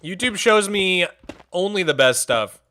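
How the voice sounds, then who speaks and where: Young male streamer, upbeat and jokey, bright voice that swings up and down. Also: sits high, measured pace. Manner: animated, jokey, chatty, answers chat questions. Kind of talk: casual chat while playing a game.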